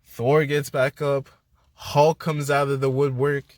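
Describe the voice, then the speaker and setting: A young man giving a casual spoiler movie review, excitable, slangy and full of swearing. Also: mid-range voice, slow, no room sound. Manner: hyped, profane, slangy storytelling.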